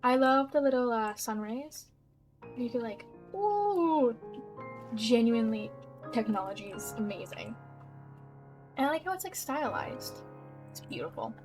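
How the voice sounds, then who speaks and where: Young woman streamer, slightly high voice, rambling and bubbly, soft game music underneath. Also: animated, unhurried, pauses often. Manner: chatty and bubbly, giggles and trails off. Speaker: gaming YouTuber. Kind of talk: casual gameplay commentary. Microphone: desk mic with audible keyboard.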